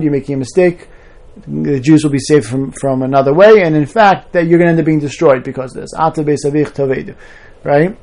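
A man's voice: fairly high pitch, warm tone. A man teaching a conversational Torah class to a small group of students, explaining patiently and often checking in with "right?" and "you know?".

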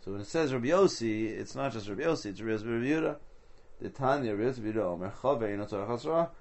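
A man's voice: mid-range voice, expressive, rapid-fire. A man teaching a Talmud study session, explaining step by step and asking rhetorical questions. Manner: explanatory, mixes Hebrew and Aramaic terms into English.

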